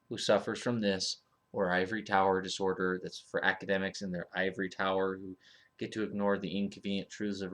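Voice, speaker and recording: A man giving a casual ranting monologue as a vlogger. He talks bluntly, swears, and rambles with fillers and restarts. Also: on the low side.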